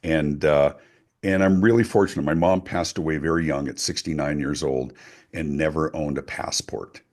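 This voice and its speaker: A man's voice: a bass voice, moderate pace, darkish tone. A middle-aged man, a guest speaker and author, talking emphatically in an interview. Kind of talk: animated interview talk.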